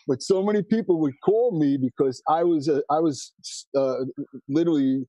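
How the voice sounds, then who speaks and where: A man from New York, a musician guest in a casual interview, telling stories quickly with lots of restarts. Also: fairly high pitch, background noise. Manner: fast, animated storyteller with many restarts.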